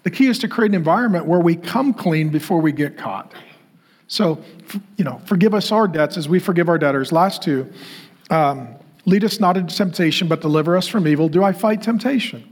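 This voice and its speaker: Storytelling male pastor, a little high. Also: a little fast. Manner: personal storytelling, rising to emphatic call-and-response questions. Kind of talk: sermon.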